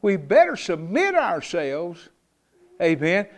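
A middle-aged man from North Carolina, preaching a fervent sermon with sudden loud rises and quiet drops. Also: high-pitched, wildly swooping pitch, takes it slowly. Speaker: pastor.

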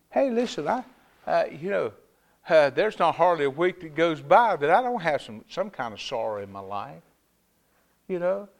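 A middle-aged man from North Carolina, preaching a fervent sermon with sudden loud rises and quiet drops. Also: on the high side, vocal fry. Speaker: pastor.

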